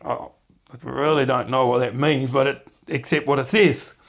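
A man with a medium-pitched voice and some vocal fry speaks at a normal speed. He hosts a podcast and teaches from the Bible in an earnest, conversational way, often repeating words and growing animated when he acts out quotes.

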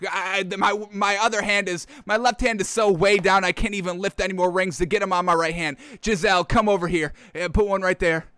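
A man doing casual sports commentary, excitable and profane, who keeps calling the audience folks. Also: high voice, a little fast, few pauses, clear, resonant tone. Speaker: sports talk host.

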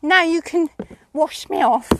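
A woman's voice: very high-pitched, measured pace, a little hiss or hum, pitched above the performer's own voice. A woman voicing her pony as a smug, dramatic female horse. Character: sassy female pony, dramatic and self-satisfied.

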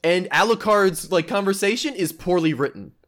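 A man with a slightly high voice argues bluntly in casual podcast banter, swearing freely. He keeps cutting in to shoot down the others' points. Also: normal speed. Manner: blunt, profane, flatly contradicts others. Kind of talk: casual argumentative chat.

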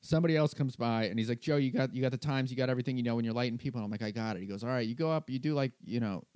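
A man's voice: medium pitch, racing, no echo. A man, a stand-up comedian, telling a story in casual podcast talk and acting out what other people said. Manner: animated, acts out the other people's lines. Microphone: podcast microphone.

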